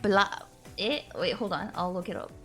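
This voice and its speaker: A young woman with a Canadian accent chats casually on a stream, telling stories in a giggly, animated way. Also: mid-range voice, moderate pace, soft background music. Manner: giggly, chatty, animated storytelling. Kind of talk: casual chat.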